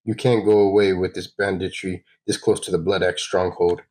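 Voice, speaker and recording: A man's voice: sits low, flat delivery, a little mellow, lightly acted, rough recording. A man doing a grim menacing warrior. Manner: slow, threatening.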